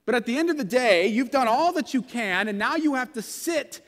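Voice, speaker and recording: A man's voice: very high-pitched, animated, moderate pace, a bit bright, in a large hall. A pastor in his thirties preaching a sermon in a conversational, self-deprecating storytelling way.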